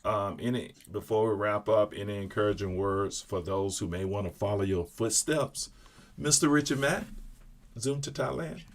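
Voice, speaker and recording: A man hosting an interview, relaxed and agreeable, mostly giving short replies and prompts. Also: fairly low pitch, normal speed. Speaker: host. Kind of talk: casual interview chat.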